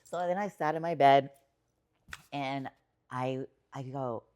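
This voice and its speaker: A woman, a writer and poet appearing as a podcast guest, tells a personal story in a very low, darkish voice at a slow pace. Her talk is casual and rambling, packed with fillers and swearing, and it turns emotional at times.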